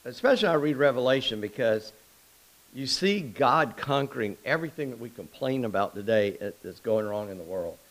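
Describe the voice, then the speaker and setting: Guy preaching at a little church, folksy and chatty, lots of asides, normal pitch. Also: animated, a little fast, a bit bright, low-quality recording. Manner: folksy, conversational, with asides and restarts. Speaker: pastor. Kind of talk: informal sermon. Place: small church.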